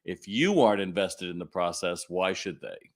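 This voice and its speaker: Animated middle-aged man hosting a live Q&A. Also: low voice. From California. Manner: animated, quick asides and audience calls to respond. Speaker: retail consultant hosting a live Q&A. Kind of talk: live-stream Q&A talk.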